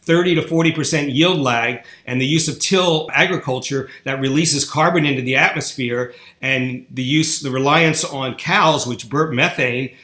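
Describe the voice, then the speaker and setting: A man giving an interview, making a forceful, opinionated argument. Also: medium pitch, normal speed, hardly any pauses, reverberant. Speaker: interview guest. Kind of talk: podcast interview.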